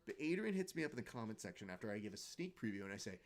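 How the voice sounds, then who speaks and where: A man's voice: on the low side, sing-song, very fast. A man hosting a live fight watch-along stream, chatting casually, joking and reading out viewer comments.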